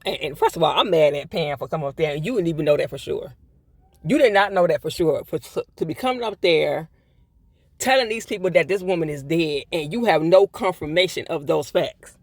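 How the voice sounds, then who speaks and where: A man's voice: on the high side, normal speed, dry recording. A man giving a casual, blunt TV episode review, swearing freely and repeating his points for emphasis. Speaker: TV show reviewer.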